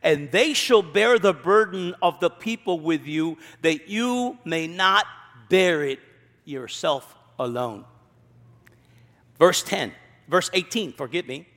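A male pastor with a high voice delivers a sermon in a church, moving between scripture reading and pointed, sarcastic commentary. His voice carries a long reverb from the large room. He lifts his voice to act out the quoted lines. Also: lively intonation, slow, a bit bright. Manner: reads scripture then preaches with sarcastic asides.

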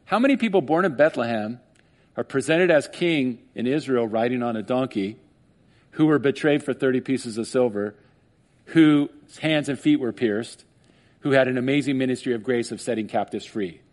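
A man preaching a sermon, animated, acting out skeptics in mock voices and laughing often. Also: mid-range voice, normal speed. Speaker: pastor.

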